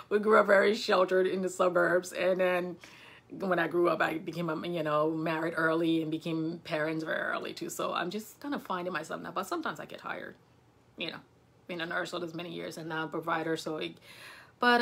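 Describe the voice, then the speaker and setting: A middle-aged woman, a nurse turned health provider from Liberia, chatting casually on a livestream and telling a story with lively quoted voices. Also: on the low side, creaky. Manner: chatty storyteller, animated when quoting. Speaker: nurse practitioner and health vlogger.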